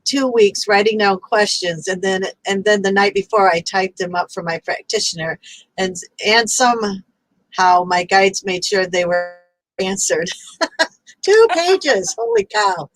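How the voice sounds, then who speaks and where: A woman's voice: mid-range voice, animated, a little slow, no echo, poor audio. A woman hosting a chat over a video call, speaking in an effusive, enthusiastic way. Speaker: host. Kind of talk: casual chat.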